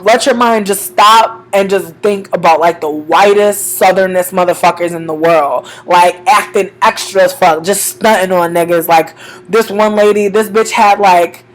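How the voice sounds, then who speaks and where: A woman's voice: fairly low pitch, poor audio. A young woman who reads tarot on the street, telling stories in a casual vlog, swearing freely and acting out both sides of each conversation. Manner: profane, animated, acts out both sides of conversations.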